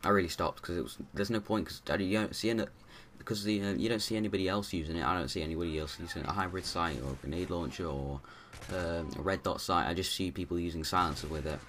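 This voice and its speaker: A man's voice: low voice, fast talker, hardly any pauses, fairly bright tone, a little hiss or hum. A man giving rambling, casual commentary over his own gameplay, full of restarts and fillers.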